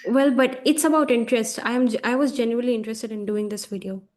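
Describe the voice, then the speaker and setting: A woman with an Indian English accent speaks as a guest on a chat show, with a voice pitched a bit high. She is frank and opinionated and picks up speed when she drives a point home. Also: fairly even intonation, quick pace, a little mellow. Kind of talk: casual conversation.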